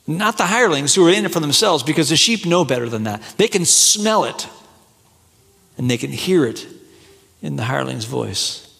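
High-voiced preacher in an echoing hall. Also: male voice, lively intonation, moderate pace, creaky. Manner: impassioned preaching, rising high then dropping soft and low. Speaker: pastor. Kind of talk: sermon. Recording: echoey hall with long reverb.

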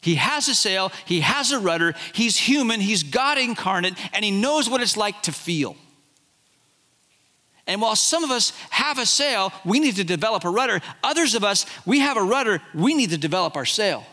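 A man preaching a sermon, animated and conversational, acting out Bible characters as he retells the story. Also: sits high, moderate pace, long reverb tail. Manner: animated, acts out Bible characters in quoted voices. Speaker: pastor.

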